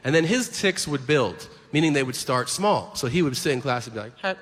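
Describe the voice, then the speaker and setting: A man performing a crude, animated stand-up routine on stage, acting out the people in his stories. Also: mid-range voice, a little fast. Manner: animated, crude storytelling with acted-out quotes. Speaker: stand-up comedian. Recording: reverberant hall with ambient noise.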